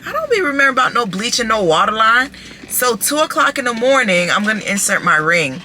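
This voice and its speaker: Bright-voiced chatty woman vlogger. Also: fairly high pitch, a little fast, slight background noise. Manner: animated and chatty, calls listeners "baby" and "child". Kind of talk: casual chat to camera.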